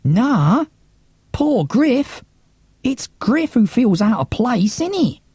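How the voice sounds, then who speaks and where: A man's voice: extremely high pitch, very animated, slow, darkish tone, slightly rough, dry recording, studio quality, pitched above the performer's own voice, exaggerated voice. A man voicing a cheeky young child who answers back to Mum in slangy speech. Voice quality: slangy, saucy.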